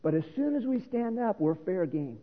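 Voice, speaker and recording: Heard through a phone-like line in an echoing hall, this middle-aged man's high voice swings widely in pitch at a moderate pace. He's a pastor delivering a sermon, earnestly teaching the meaning of scripture.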